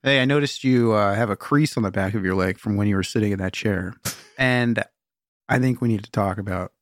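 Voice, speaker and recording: A man's voice: fairly low pitch, brisk, no room sound, clean studio sound, close to an everyday voice. A man voicing a fussy romantic partner who nitpicks over small things, in a mock-serious comedy bit.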